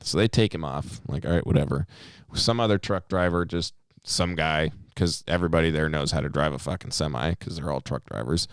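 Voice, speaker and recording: Man, very low voice, smooth and dry, animated profane storyteller for a casual podcast. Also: brisk, no echo. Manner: animated storyteller, heavy swearing, acts out quotes. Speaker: podcast co-host.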